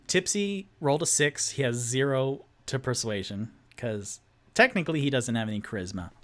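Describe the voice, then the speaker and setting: A man running a solo tabletop game on a live stream, narrating and talking through dice rolls with excitable asides. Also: mid-range voice. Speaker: game master.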